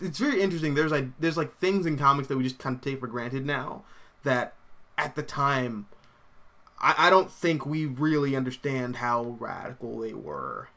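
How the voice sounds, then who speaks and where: Hosting a comics livestream, a young man rambles loosely with plenty of "like" and "um" and bursts of laughter. His medium-pitched voice is bright and forward, and he stays casual and animated while responding to viewer comments.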